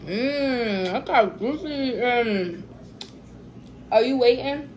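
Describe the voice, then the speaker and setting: A woman's voice: a little high, animated, extremely slow, darkish tone, a little hiss or hum, low-quality recording. A young woman chatting casually to her viewers while eating, telling a story with laughs. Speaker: vlogger, mother.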